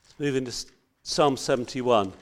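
A man preaching a sermon, earnest and reading scripture with loud emphasis. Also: mid-range voice, moderate pace.

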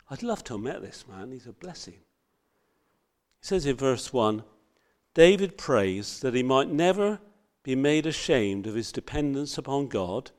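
Earnest man preaching a sermon. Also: medium pitch. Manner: earnest, rising to loud emphatic scripture quotes.

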